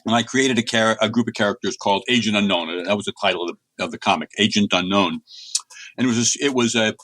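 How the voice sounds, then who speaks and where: A man's voice: fairly low pitch, fast, a bit bright, no echo. A middle-aged man from the United States, a comics writer telling rambling anecdotes as an interview guest. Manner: chatty, rambling anecdotes with many restarts. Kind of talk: casual storytelling in an interview.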